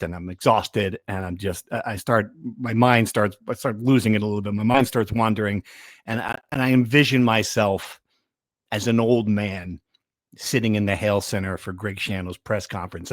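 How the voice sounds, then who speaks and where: A man's voice: fairly low pitch, no room sound, studio quality. Rambling man hosting a sports podcast. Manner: rambling, self-deprecating, trails off. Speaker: podcast host. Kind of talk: casual sports podcast chat.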